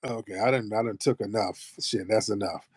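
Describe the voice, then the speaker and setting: A man's voice: on the low side, moderate pace, darkish tone. A man hosting an online audio show, chatting loosely and playfully with plenty of swearing. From United States. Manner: loose, profane, playful banter. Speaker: host. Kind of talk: casual chat.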